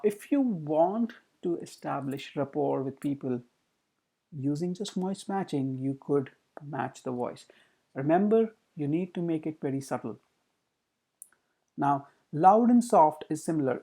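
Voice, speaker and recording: A communication trainer giving a recorded training talk, explaining with rhetorical questions. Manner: demonstrates pitch, pace and loudness with the voice.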